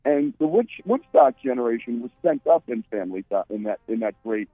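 A man's voice: medium pitch, huge pitch swings, a little fast, creaky, slightly rough, no echo, faint music behind. A man joining a radio show as a guest, speaking emphatically and telling stories with strong opinions. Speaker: radio guest, network executive. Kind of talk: phone-in interview. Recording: tinny phone line.

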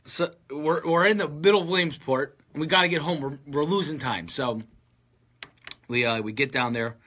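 A man telling a story in a casual, animated way and acting out his friends' lines. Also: a little high, normal speed, slightly rough.

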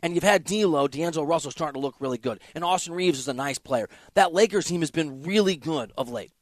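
A man's voice: a little high, brisk, no echo. A man hosting a sports talk show, giving an emphatic, opinionated monologue with offhand asides.

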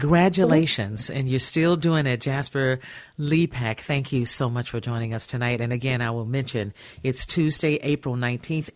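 A woman hosting a radio arts show, upbeat and chatty, laughing easily with guests. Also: a bass voice. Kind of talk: radio interview.

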